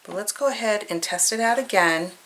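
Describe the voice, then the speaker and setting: Bright-voiced woman demonstrating a craft. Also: medium pitch, a little fast, slight background noise, rough recording. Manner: chatty, cheerful, thinks aloud while working. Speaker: craft tutorial host.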